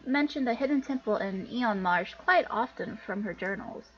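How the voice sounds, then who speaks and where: An eager young woman who pleads her case, voiced by a woman. Her voice is high and bright, carried by a dull lo-fi recording. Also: animated, moderate pace, slight background noise, close to an everyday voice.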